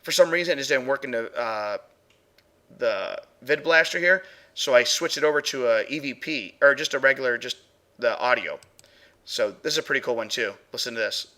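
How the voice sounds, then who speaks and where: A man's voice: mid-range voice, fairly quick, pushed and bright. A man hosting a live paranormal stream, chatting casually as he plays and reviews audio clips with his chatroom. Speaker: paranormal show host.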